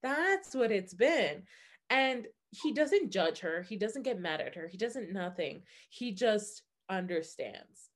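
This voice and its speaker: A woman co-hosting a podcast, chatting casually and gushing animatedly as she retells things, with quick side notes. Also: mid-range voice, big pitch swings. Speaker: podcast co-host. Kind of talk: casual book chat.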